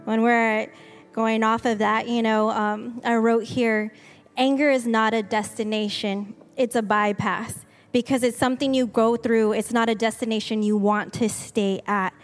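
A woman's voice: fairly high pitch, fairly even intonation, unhurried. A woman, a wife and mother, co-hosting a faith talk in a candid, self-deprecating, conversational way. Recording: long reverb with faint music behind.

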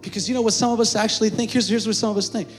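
A male pastor preaches to his congregation in a church, pitched high for a man. He drops to hushed asides, then rises to shouting calls for the room to answer back. Soft music plays faintly behind him. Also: fairly even intonation, racing. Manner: preaching with call-and-response, swinging from hushed to shouting. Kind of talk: sermon.

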